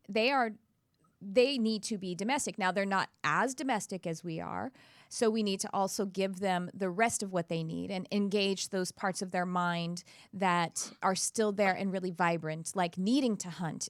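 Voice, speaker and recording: A woman's voice: medium pitch, normal speed, no echo. Earnest woman host, dry sound. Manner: earnest, reflective, with frequent self-corrections. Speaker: podcast host. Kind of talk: casual conversation.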